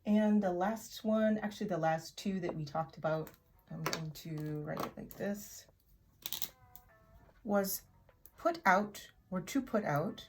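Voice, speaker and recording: A woman teaching an English vocabulary lesson in a chatty way, repeating words slowly for learners to echo. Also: on the low side, background noise. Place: in Oklahoma.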